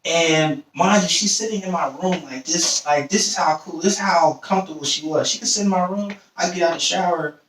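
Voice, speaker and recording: A young man with a high, bright-sitting voice spins a casual story on a podcast, acting out each person's lines as he goes. He sits back from the mic, and the room around him rings with echo. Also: fairly quick. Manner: animated storyteller, acts out quoted voices. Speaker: podcast host. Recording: echoey room, distant mic.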